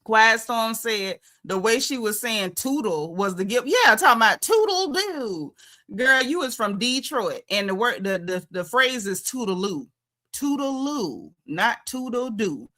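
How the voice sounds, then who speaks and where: Sassy Southern woman with a bright, forceful voice. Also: on the high side, animated, moderate pace, few pauses. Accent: Southern American. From Southern United States. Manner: sassy, emphatic, colloquial. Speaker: show recap host. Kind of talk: casual livestream commentary.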